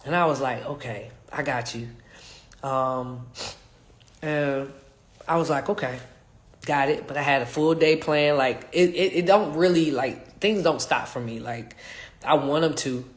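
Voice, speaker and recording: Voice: medium pitch, unhurried. An adult coach talking in a casual livestream vlog, earnest and heartfelt, rambling in loose slang with many restarts. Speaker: fitness and life coach.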